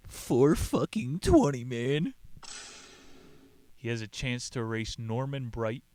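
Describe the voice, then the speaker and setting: Low, smooth-voiced man telling a story. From Southern California. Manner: loose and jokey, swears and makes asides. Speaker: podcast host retelling a book. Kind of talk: casual storytelling recap.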